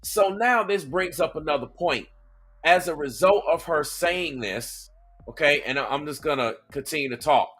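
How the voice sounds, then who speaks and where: Animated man talking to his viewers. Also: a little high, normal speed, slightly rough. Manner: animated, talks straight to viewers. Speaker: reaction video host. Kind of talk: casual reaction commentary.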